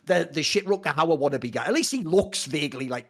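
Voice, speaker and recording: A man co-hosting a film podcast, ranting in a profane, animated casual chat. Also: fairly high pitch, fairly quick. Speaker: podcast co-host.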